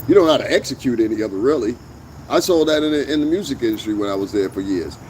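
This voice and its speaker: A man's voice: mid-range voice, lively intonation, quick pace, a little mellow, a little hiss or hum. A man hosting a commentary vlog, ranting bluntly with heavy profanity and emphatic jabs. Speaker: vlog host. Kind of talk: opinionated commentary rant.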